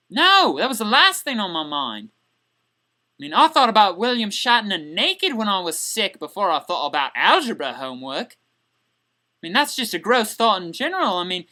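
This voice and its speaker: A woman's voice: medium pitch, pushed and bright. A woman playing a crude, indignant young man who rants exasperatedly in a comedic character vlog.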